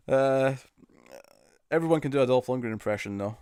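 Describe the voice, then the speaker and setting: A man's voice: mid-range voice, a little fast, pauses often, a little mellow, clear, resonant tone, no echo, studio quality. A man with a British accent hosting a casual live stream, answering chat questions in a loose, jokey way and often laughing. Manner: laughing, jokey, attempts bad celebrity impressions. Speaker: streamer host.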